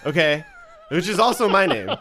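A man in his thirties talks in a loose, rambling way, dropping curse words freely. His voice sits a bit higher than most men's. The tone is relaxed, casual chat. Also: moderate pace, slight background noise. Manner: loose, rambling, heavy swearing.

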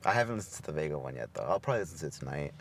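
A man's voice: a bass voice, sing-song, very fast, a little hiss or hum. A man co-hosting a podcast, chatting casually, swearing a lot, laughing and telling stories. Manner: profane, laughing, storytelling. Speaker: podcast co-host. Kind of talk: casual chat.

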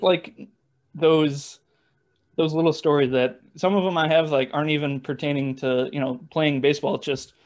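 A young man, a former baseball catcher, telling stories in a relaxed, rambling way with lots of fillers and restarts. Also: medium pitch. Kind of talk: casual storytelling interview.

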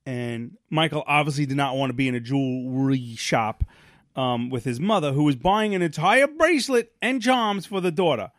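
A man co-hosting a podcast, telling stories in casual chat, rambling and animated with lots of restarts. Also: a little high, normal speed, dry recording, clean studio sound. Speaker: podcast co-host.

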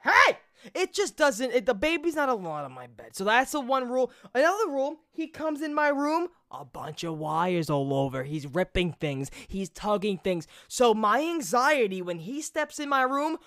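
A man's voice: very high voice, moderate pace, hardly any pauses. A nineteen-year-old man in casual chat, swearing freely and rambling with lots of restarts. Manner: profane, animated, rambling with restarts.

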